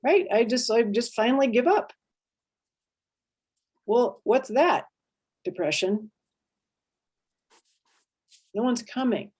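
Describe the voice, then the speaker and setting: A woman therapist leading an interactive workshop, lively and expressive, acting out inner voices and checking in with her listeners. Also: a little high, takes it slowly, long pauses, slightly rough. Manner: animated, acts out inner voices and checks in with "right?".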